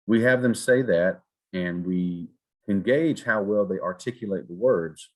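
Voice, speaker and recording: A man from South Georgia, lecturing an EMT class in a folksy, animated way. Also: low-pitched, measured pace. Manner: folksy, animated, acts out patient exchanges. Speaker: EMS instructor.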